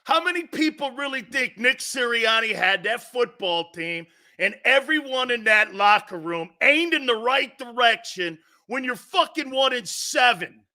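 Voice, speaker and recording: Man, sports talk host, high voice, blunt, profane, repetitive ranting. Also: expressive, unhurried, pushed and bright. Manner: blunt, profane, repeats his point hammering it home. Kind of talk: opinionated sports talk rant.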